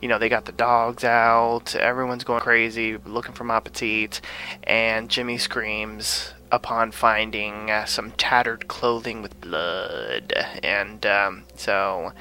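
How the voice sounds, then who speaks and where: A man's voice: on the low side, fairly even intonation, slow pace, pushed and bright, slight background noise, rough recording. A man hosting a podcast, casually recapping an episode with many fillers and restarts. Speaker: podcast host.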